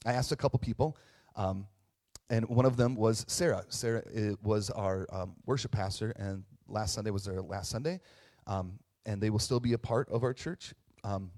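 A pastor in his thirties, with a lowish, slightly mellow voice, gives a casual, conversational sermon. He's chatty, using tag questions and restarts, and jokes at his own expense with self-deprecating humor.

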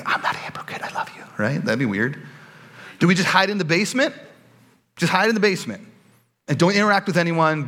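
A man's voice: fairly high pitch, a bit bright. A man preaching a casual, joking sermon as a pastor, often slipping into put-on voices for quoted people. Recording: long hall reverb.

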